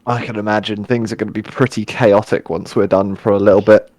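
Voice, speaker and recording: A man's voice: fairly low pitch, steady tone, a little fast, darkish tone, no echo. A man playing in a tabletop game, chatting casually with a wry, joking manner. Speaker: player.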